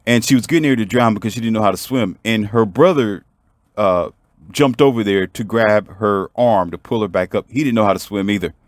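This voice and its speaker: A man's voice: fairly low pitch, fairly quick, no echo, clean studio sound. A man telling a story in a motivational monologue, emphatic and preachy, and talking straight to the viewer. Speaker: vlogger.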